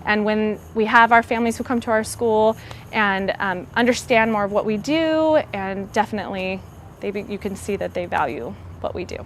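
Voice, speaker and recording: A woman's voice: medium pitch, animated, normal speed, slight background noise. A woman who is a preschool teacher and parent, answering interview questions earnestly with a few hesitant fillers. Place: school campus. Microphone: clip-on microphone.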